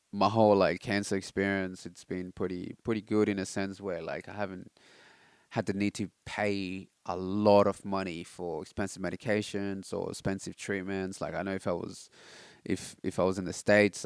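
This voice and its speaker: A young man with a very low voice talks on a late-night personal vlog, reflective and rambling, full of fillers and restarts. His tone is smooth and resonant, and the recording is close and dry, with no room sound. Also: no room sound. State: itchy throat, tired. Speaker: vlogger.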